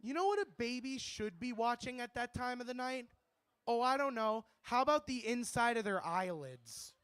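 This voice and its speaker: A man's voice: very high-pitched, expressive, moderate pace, a bit bright, clean tone, no echo. A young man doing a rambling, brash stand-up set at a bar open mic, swearing freely. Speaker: stand-up comedian.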